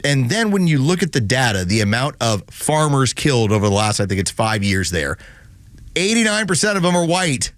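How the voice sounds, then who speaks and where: A male radio co-host talks in a lively, mocking way, his pitch swinging high and low. The studio sound is dry and close. He sounds casual and sarcastic. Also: brisk, no echo. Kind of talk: casual radio talk-show chat.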